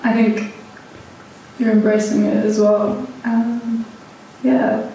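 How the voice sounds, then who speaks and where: Woman moderator, slow and flat, dark gravelly voice, echoey hall far off. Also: mid-range voice, a little hiss or hum. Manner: slow, gentle, hesitant. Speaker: panel host. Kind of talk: moderating a panel.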